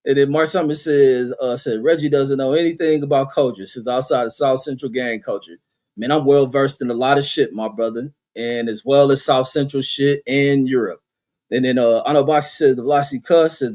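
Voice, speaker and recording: A man's voice: mid-range voice, darkish tone. Profane laughing man reading stream chat. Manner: profane, laughing, reads chat comments aloud. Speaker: livestream host reading chat. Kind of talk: casual livestream commentary.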